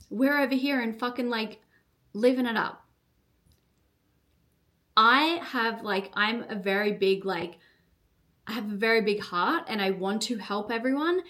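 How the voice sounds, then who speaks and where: A young woman hosts a solo coaching podcast with a fiery, unfiltered delivery. Her voice sits a little high. She swears freely and strings her sentences together with "like". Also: fairly bright tone. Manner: fiery, swears often, fast fillers with "like". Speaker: podcast host and business coach. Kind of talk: solo motivational podcast monologue.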